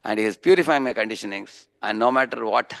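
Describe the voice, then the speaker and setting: Gravelly Indian man preaching a sermon. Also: lowish voice, fast, fairly bright tone. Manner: storytelling, often checks in with a questioning "huh?"; acts out the voices of people in his stories. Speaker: preacher giving a scripture class. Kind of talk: sermon with everyday stories.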